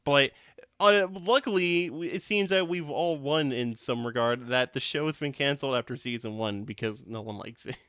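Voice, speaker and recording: Rambling young podcast host, smooth voice. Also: male voice, mid-range voice, moderate pace, fairly bright tone, no room sound, clean studio sound. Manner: rambling, swears a lot, restarts. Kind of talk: casual podcast chat.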